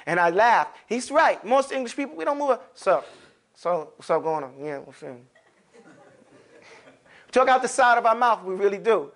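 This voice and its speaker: In a classroom lesson on letter pronunciation, an Arabic pronunciation teacher speaks at a moderate pace and pauses often. His high, bright voice stays animated as he demonstrates each sound with exaggerated mouth shapes for his students to imitate.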